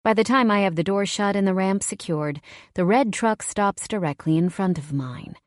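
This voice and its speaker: A woman narrating a first-person romance audiobook in a wry, conversational, expressive way. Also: medium pitch, normal speed, dry recording, studio quality.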